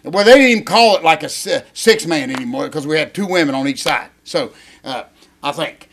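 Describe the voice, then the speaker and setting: An older man, a retired wrestler co-hosting a casual chat, given to excitable, rambling rants. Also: fairly high pitch, a little fast, a little hiss or hum.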